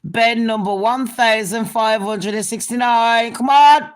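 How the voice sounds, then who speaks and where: A woman's voice: a little high, fairly even intonation, unhurried. A woman giving a sweary, mocking commentary vlog, laughing at her own jokes. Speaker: commentary vlogger.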